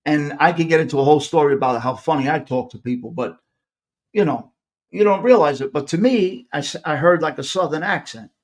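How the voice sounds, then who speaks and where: A man's voice: a little high, fairly quick. A middle-aged man with a New York accent, hosting a live podcast and telling rambling stories with many restarts. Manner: rambling, self-interrupting, animated storyteller. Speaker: podcast host. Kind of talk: casual storytelling on a live podcast.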